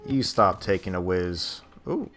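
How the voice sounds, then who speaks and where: A man's voice: low voice, lively intonation, measured pace, fairly bright tone. A man casually commenting on his own gameplay as a streamer, joking and chatty, with a lot of laughing.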